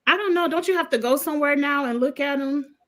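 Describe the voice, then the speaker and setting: A woman's voice: high-pitched, fast, a loud crowd. A woman co-hosting a casual podcast chat, giving blunt, firm opinions. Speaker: podcast co-host.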